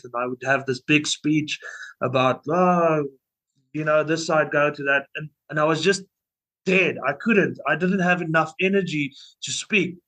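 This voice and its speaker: A man's voice: mid-range voice, fairly bright tone, low-quality recording. Band singer guy chatting on a podcast, lots of stops and restarts. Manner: rambling, many restarts and fillers. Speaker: band vocalist. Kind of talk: casual podcast interview.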